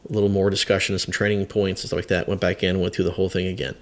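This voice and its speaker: Man, 50s, firefighter guest, very low voice, halting, lots of fillers, self-deprecating storytelling. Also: flat delivery. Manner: halting, many fillers and restarts. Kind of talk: casual storytelling interview.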